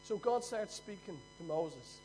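High-voiced pastor preaching emphatically. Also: male voice, expressive, unhurried, dark tone, soft background music, rough recording. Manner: emphatic, repetitive preaching cadence. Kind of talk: sermon.

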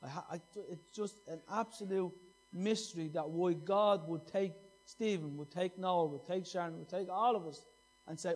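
Impassioned preacher, high voice. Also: male voice. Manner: impassioned, repeats phrases for emphasis. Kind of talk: sermon.

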